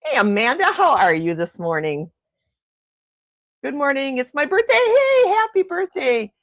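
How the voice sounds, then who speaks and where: A livestream host chats chattily from her snowy Milwaukee home on a casual morning, welcoming viewers and reacting to comments with lots of exclamations. Very animated and fairly bright, she talks at normal speed into a desk microphone, and the sound is dry and close.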